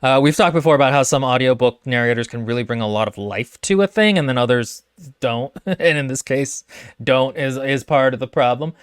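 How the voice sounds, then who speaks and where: A man's voice: medium pitch, a little fast, clear, resonant tone, no echo, clean studio sound. A man co-hosting a book podcast in casual chat, wry and joking, rambling with fillers. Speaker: podcast co-host.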